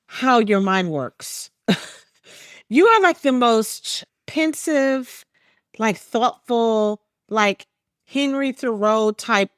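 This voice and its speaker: A woman's voice: on the high side, lively intonation, drawn-out words, no room sound, studio quality. A woman co-hosting a podcast, chatting with a guest and laughing along. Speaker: podcast co-host. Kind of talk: casual interview chat.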